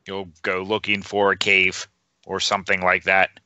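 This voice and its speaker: A man playing in a tabletop game, answering slowly and hesitantly. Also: low voice, monotone, sharp tone, clear, resonant tone. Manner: slow, hesitant responses. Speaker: player. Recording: muffled lo-fi recording.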